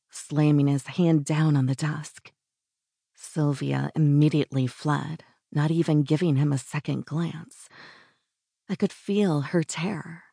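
A woman narrating a first-person romance audiobook in an intimate, breathy way that sometimes drops to a whisper. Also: low voice, warm tone, no echo, studio quality.

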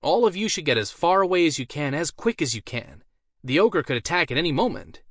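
A man's voice: on the high side, very animated, fairly quick, a bit bright, breathy edge, no echo, voice pushed up, heavily acted. A man plays a vain trickster mage with a raised, declaiming voice, full of showy self-importance. The sound is close and dry. It belongs in a fantasy storybook. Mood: grandstanding. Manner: grand, theatrical declaiming.

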